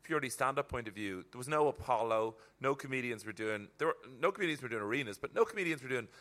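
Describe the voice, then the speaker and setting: A man's voice: mid-range voice, lively intonation, fast talker, fairly bright tone. A man from Ireland, a comedian telling reflective stories in casual chat. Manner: storytelling, reflective. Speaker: comedian guest.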